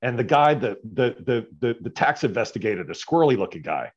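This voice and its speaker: A man casually telling a story as a podcast guest, animated and often tagging his lines with "right?". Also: medium pitch, fairly quick, breathy edge, highs cut off.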